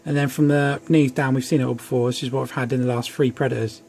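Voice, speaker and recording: A young toy reviewer talks quickly at home about an action figure, his medium-pitched voice gravelly, a little mellow, and fairly even in intonation. He rambles chattily and pokes fun at himself, with faint background noise present.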